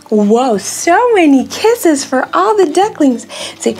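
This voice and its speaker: A woman hosting a toddler learning video, speaking in a slow, clear, sing-song way with exaggerated expression. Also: sits high, sing-song, a little mellow, faint music behind. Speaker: children's video host. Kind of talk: toddler learning video with songs and pretend play.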